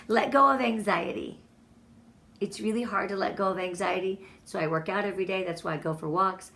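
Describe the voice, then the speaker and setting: A woman's voice: medium pitch, fairly bright tone. A woman giving an emotional, encouraging motivational talk to her sales team as a guest speaker.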